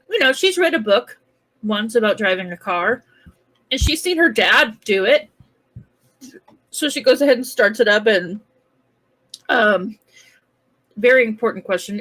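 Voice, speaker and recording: A woman's voice: on the high side, expressive, measured pace, pauses often, fairly bright tone, rough recording. A woman playing a tabletop role-playing game, chatting casually as she describes her character's actions. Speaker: player.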